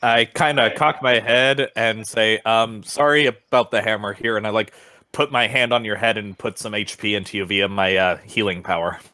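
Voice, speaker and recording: A man's voice: on the low side, fairly even intonation, normal speed, pushed and bright, no echo. A man playing a tabletop game, describing his actions in a hesitant, stammering way. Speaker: player.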